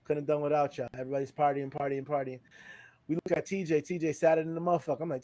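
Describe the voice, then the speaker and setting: A man's voice: fairly high pitch, flat delivery, quick pace, dark tone, no echo. A man co-hosting a podcast, telling a party story in casual chat, acting out the people he quotes with big jumps in his voice and swearing freely. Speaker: podcast co-host. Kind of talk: casual storytelling among friends.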